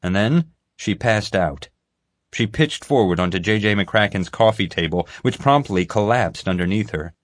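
Low-voiced male audiobook narrator. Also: expressive, normal speed, no room sound. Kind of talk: scripted narration.

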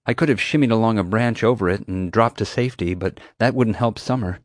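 A man reading a first-person adventure story aloud as narrator, steady and vivid. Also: lowish voice, fairly quick, dry recording, studio quality. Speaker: audiobook narrator.

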